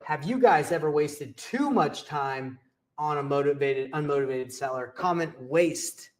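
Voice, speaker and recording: A young man coaching viewers on real estate deals, with a fairly high voice for a man. He talks casually and energetically, keeps asking "okay?" and acts out short sample dialogues. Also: moderate pace. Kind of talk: casual teaching to camera.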